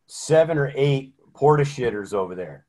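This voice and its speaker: A man swaps blunt, profane stories from his service days in a relaxed chat. His telling is animated, and he often ends his sentences with a tag like "right?" or "man.". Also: mid-range voice, moderate pace. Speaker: military veteran guest. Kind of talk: casual chat.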